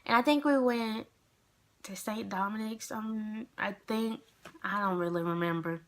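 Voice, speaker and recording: A woman's voice: medium pitch, unhurried. A young adult woman telling a casual storytime vlog, chatty and rambling with lots of fillers. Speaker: vlogger.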